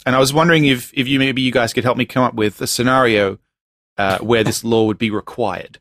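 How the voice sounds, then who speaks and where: A man's voice: mid-range voice, fairly even intonation, a little fast, a bit bright. A man hosting a podcast in casual chat, laughing often and joking loosely. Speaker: podcast host.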